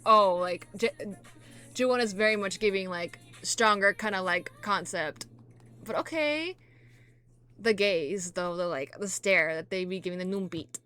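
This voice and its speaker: A woman reacting casually to photos, rambling and full of fillers, gushing with excitement. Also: mid-range voice, clear, resonant tone. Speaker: K-pop reaction vlogger.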